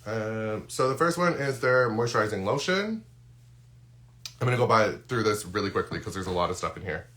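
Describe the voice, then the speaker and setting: A man's voice: lowish voice, sing-song, fairly quick, fairly bright tone, a little hiss or hum. A man who is losing his voice, chatting casually through a live unboxing with lots of ums and restarts. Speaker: skincare content creator. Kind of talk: live-stream unboxing chat.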